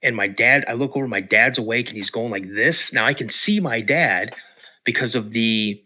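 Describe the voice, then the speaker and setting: A man from the Pacific Northwest of the US, a podcast guest telling a personal story in an emotional, halting way. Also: medium pitch, pushed and bright. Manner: emotional, halting retelling with restarts.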